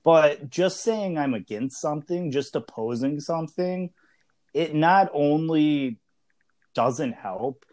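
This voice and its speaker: A man's voice: fairly high pitch, lively intonation, slow pace, darkish tone. A man in his early thirties co-hosting a podcast discussion, talking conversationally with frequent fillers and restarts. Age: early 30s. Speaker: podcast co-host.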